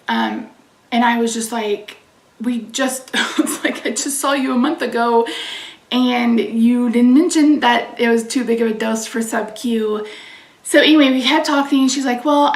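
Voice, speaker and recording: A woman's voice: a little high, moderate pace, creaky, far from the mic. Upset woman venting in a roomy room. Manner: reads chat names aloud between sentences. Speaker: channel host. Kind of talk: casual livestream chat.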